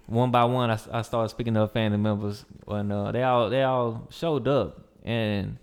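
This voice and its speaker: Young man, casual storytelling, smooth clear voice, relaxed slangy delivery. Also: lowish voice, normal speed. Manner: laid-back, slangy, many fillers and restarts. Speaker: podcast guest.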